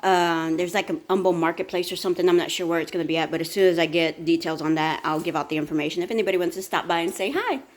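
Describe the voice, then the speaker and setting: A woman's voice: on the low side, fast, hardly any pauses. Tired chatty woman vlogging. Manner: chatty, rambling, talks with her mouth full. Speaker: vlog host and fitness coach. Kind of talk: casual morning chat.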